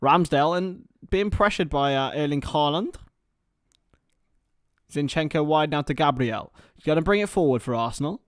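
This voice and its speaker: A young British man hosting a live football watchalong, mixing excitable play-by-play with rambling banter. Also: a little high, moderate pace, no echo, studio quality. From Britain. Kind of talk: casual live match commentary and chat.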